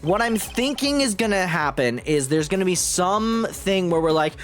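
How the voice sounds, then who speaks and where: Male streamer, lively swings in pitch, casual and profane. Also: normal speed, hardly any pauses, faint music behind. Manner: animated, swears, jokes, thinks aloud. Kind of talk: casual game commentary.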